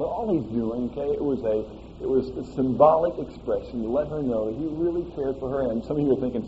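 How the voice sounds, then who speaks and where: A man's voice: medium pitch, fast talker, a little hiss or hum. Folksy man preaching, slightly dull sound. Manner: folksy and animated, with frequent "all right?" asides. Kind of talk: sermon.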